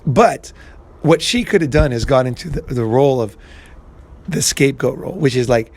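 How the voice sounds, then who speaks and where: A man's voice: mid-range voice, moderate pace, a little mellow. Guy rambling on his own show, lots of restarts, swears now and then. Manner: rambling, frequent restarts and fillers, blunt swearing. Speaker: podcast host. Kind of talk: casual monologue.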